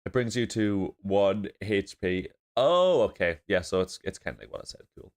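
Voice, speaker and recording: A man from northeast England talks in a very low voice, stuffy with a blocked nose. He rambles casually, laughs often and swears freely while reacting to a show. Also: expressive, normal speed.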